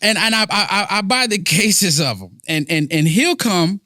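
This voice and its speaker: Bright-voiced laid-back young man. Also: high voice, expressive, moderate pace, dry recording, clean studio sound. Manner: laid-back, defends himself with repeated phrases. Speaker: podcast co-host. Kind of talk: casual chat.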